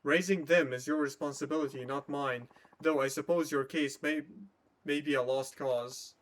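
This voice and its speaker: A man's voice: fairly high pitch, steady tone, moderate pace, a bit bright, close to an everyday voice. An actor playing a condescending male schoolteacher who brushes off a worried guardian in a video game. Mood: contemptuous. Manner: cold, condescending. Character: sneering, dismissive male schoolteacher.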